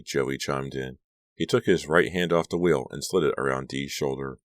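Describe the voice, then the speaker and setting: Very deep-voiced man narrating an audiobook. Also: steady tone, normal speed, no room sound. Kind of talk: scripted narration.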